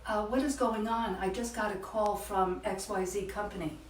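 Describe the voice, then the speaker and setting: A man's voice: high-pitched, fairly even intonation, moderate pace, a little hiss or hum, close to an everyday voice. A woman quoting a courteous male beauty distributor who phones her, puzzled about what is going on, in a roomy space away from the mic. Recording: echoey room, far from the mic.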